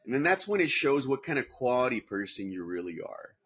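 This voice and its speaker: A man's voice: medium pitch, big pitch swings, fairly quick, a bit bright, slightly rough, dull audio. A man from Southern California hosting a casual podcast, rambling and profane with frequent restarts. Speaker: podcast host. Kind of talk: casual livestream podcast chat.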